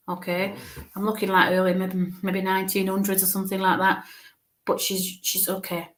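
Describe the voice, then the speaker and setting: Halting woman medium giving a reading. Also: mid-range voice, a bit bright. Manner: halting, repeats phrases, checks in with "okay?"; searches for words mid-sentence. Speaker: spiritualist medium.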